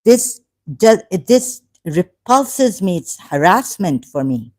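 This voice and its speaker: A woman hosting a live stream, slowly and indignantly scolding commenters in the chat. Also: fairly low pitch, sing-song, darkish tone. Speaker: channel host answering live chat.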